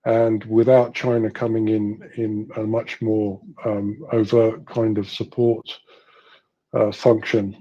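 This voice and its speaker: A man with a low, husky, mellow voice speaks in an even, flat tone on a live online audio panel. He weighs his views carefully and hedges them. The audio is muffled like a streamed call. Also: takes it slowly. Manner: hedging, thoughtful. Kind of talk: casual analytical discussion.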